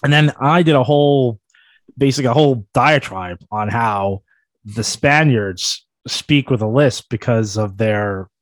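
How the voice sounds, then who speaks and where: A man's voice: medium pitch, unhurried, no room sound. Rambling man co-hosting a podcast. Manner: rambling, self-deprecating, many restarts. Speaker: podcast co-host. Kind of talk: casual podcast chat.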